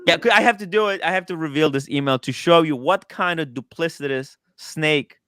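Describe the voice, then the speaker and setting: Excitable man with a crisp voice. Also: a little high, no room sound, clean studio sound. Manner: excitable, animated, quick asides to chat. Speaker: livestream host. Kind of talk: casual livestream chat. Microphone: studio microphone.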